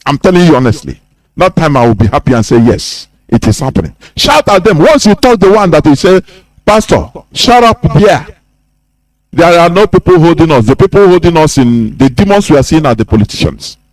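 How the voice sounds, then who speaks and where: A Nigerian man with a fairly high voice hosts a radio talk in an impassioned, preaching manner. His pitch swings widely and he breaks into shouts. The sound is dry and close to the mic. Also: animated, quick pace, dry recording, rough recording. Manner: fiery, preaching, bursts into shouting. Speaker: radio host.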